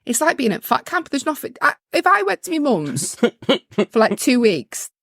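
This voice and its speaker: A woman's voice: high-pitched, big pitch swings, moderate pace, creaky, a bit bright, no room sound. Lady podcast host rambling about her mum, laughs a lot, super dry close mic. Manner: chatty, self-mocking storyteller who laughs a lot. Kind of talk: casual chat.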